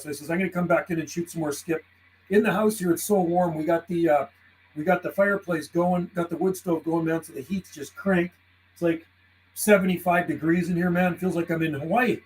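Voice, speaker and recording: A man live-streaming from his home radio desk, chatting casually with viewers and calling out to other radio stations in a relaxed, friendly way. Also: fairly high pitch, low-quality recording. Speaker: CB radio livestreamer. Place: warm house indoors.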